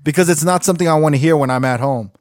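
A man's voice: on the high side, very fast, no room sound, studio quality. A man hosting a casual podcast, talking loosely with plenty of swearing. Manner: loose, profane, laid-back.

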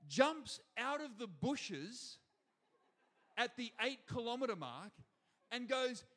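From the front of a church hall, an Australian pastor gives a slow-paced sermon in a high, bright register. Despite the pace, he's lively and keeps calling out to the congregation.

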